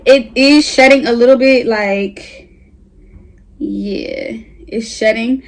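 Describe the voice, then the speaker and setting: A woman's voice: fairly high pitch, slow, noisy background. A young woman, reviewing a wig in a casual vlog at home, chatty and hyped, a little out of breath. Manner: chatty, slangy, hyped and animated. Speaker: beauty vlogger.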